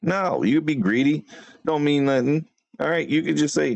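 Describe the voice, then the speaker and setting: A man's voice: on the high side, moderate pace, vocal fry, darkish tone, dry recording, muffled recording. A man hosting a livestream, talking casually and brashly to chat, trash-talking a rival and laughing often. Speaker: livestream host.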